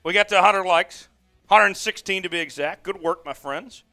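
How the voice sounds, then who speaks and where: An amped-up man hosts a live sports watch-along, calling the plays and reading viewer chat aloud. He speaks at a normal speed with a high-pitched, pushed, bright voice, and soft background music plays.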